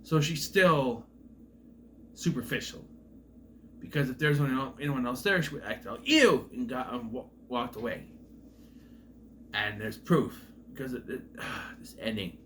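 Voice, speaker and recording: A man giving a casual, rambling recap of a film's plot, with restarts and asides, who sometimes acts out characters' lines in loud voices. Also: mid-range voice, measured pace, long pauses, a little hiss or hum. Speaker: film reviewer.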